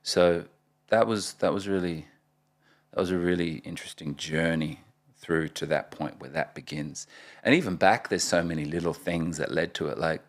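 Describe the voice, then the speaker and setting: A man in his forties, a rapper guest in a casual interview, telling animated stories and laughing often. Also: low voice, normal speed. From Australia (Perth).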